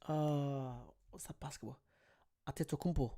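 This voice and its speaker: A man's voice: on the high side, steady tone, moderate pace, warm tone. Chatty man live-streaming late at night. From United Kingdom. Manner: chatty, greets viewers by name, laughs often. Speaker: channel host. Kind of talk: casual live-stream chat.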